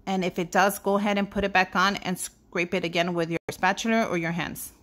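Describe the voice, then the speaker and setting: A woman's voice: fairly low pitch, fairly even intonation, fairly quick, a bit bright. A young adult woman hosting a craft tutorial, walking through steps and gushing enthusiastically over how the result looks. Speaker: craft channel host.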